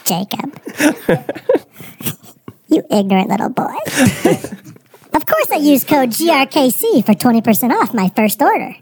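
Sassy young fashionista in a prim sing-song falsetto, done by a man; haughty, slow, drawn out. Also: big pitch swings, darkish tone, no room sound, studio quality, heavily acted. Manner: haughty, condescending.

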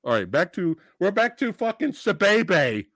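Animated, ranting male podcast host. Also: high-pitched, a little slow, no room sound, clean studio sound. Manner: profane, animated ranting with laughs. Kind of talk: heated movie review rant.

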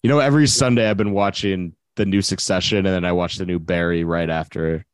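A man's voice: deep voice, fairly even intonation, brisk, smooth, no echo. A man chatting casually on a podcast, laid-back and swearing often. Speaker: podcast guest.

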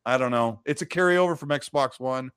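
A man's voice: medium pitch, normal speed, a bit bright, clean tone, dry recording, clean studio sound. A man hosting a live gaming show, chatting casually and reading viewer messages aloud. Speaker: host of a gaming stream show. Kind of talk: casual live-stream chat.

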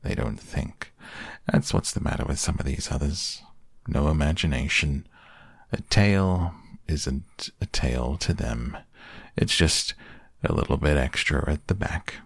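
A man's voice: extremely low pitch, vocal fry, breathy edge, dry recording, clean studio sound, heavily acted. A man putting on a gloomy old donkey. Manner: slow, mournful, resigned. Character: gloomy old male donkey, self-pitying. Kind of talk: soft bedtime storybook reading.

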